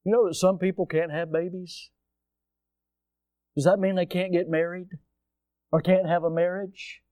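A man with a high, ringing voice preaching to his church, his delivery swinging from loud, pointed bursts to hushed asides. He fires rhetorical questions at the congregation. The sound is close and dry, with little room echo. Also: flat delivery, normal speed. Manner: emphatic preaching with rhetorical questions and sudden rises and drops in loudness. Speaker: pastor. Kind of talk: sermon.

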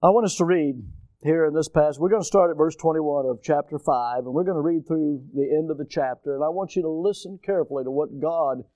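A man with a high, ringing voice preaching to his church, his delivery swinging from loud, pointed bursts to hushed asides. He fires rhetorical questions at the congregation. The sound is close and dry, with little room echo. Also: fairly quick, highs cut off. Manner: emphatic preaching with rhetorical questions and sudden rises and drops in loudness. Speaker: pastor. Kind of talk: sermon.

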